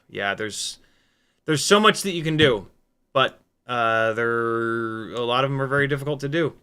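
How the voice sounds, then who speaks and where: A tired man in his forties or older hosts a casual livestream, talking at an ordinary mid pitch. He rambles candidly with plenty of fillers, reads viewer comments aloud and drops self-mocking asides. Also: very animated, normal speed, pushed and bright, clean tone. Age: 40s or older. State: tired, sleep deprived. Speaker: FPV drone livestream host.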